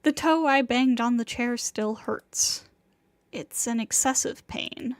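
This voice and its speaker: Bewildered young man narrating his own story, voiced by a woman, slow and high. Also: no echo, clean studio sound. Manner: bewildered, rambling inner monologue. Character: flustered young male student narrator.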